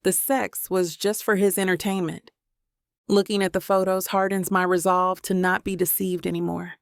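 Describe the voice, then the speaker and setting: A woman's voice: fairly low pitch, level tone, normal speed, vocal fry, clear, resonant tone, no echo. A woman narrating a first-person romance audiobook in an introspective, emotional inner-monologue manner.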